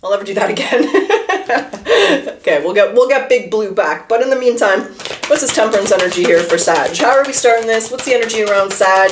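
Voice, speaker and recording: A woman giving a casual tarot reading, chatty and animated, talking straight to the viewer from a room at home. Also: medium pitch, echoey room, background noise. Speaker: tarot reader. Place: room at home, seated in a chair.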